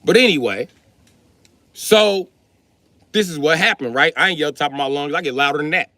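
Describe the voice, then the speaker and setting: A man streaming live, telling a heated story in a loud, profane rant that breaks into shouting. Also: on the high side, normal speed, no room sound. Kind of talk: ranting storytime.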